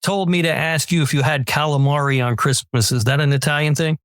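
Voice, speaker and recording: A man co-hosts a podcast in an easygoing way, chuckling and agreeing as the talk rolls on. His voice sits a bit higher than most men's. The sound is dry and close. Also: fairly even intonation, brisk, fairly bright tone, dry recording. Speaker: podcast co-host. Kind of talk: casual chat.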